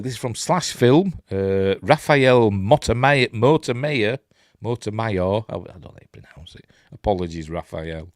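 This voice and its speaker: Chatty Yorkshire man, lively pitch. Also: dry recording, clean studio sound. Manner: rambling, chatty asides while reading articles aloud. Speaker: host of a film news live stream. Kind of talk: casual live-stream news commentary.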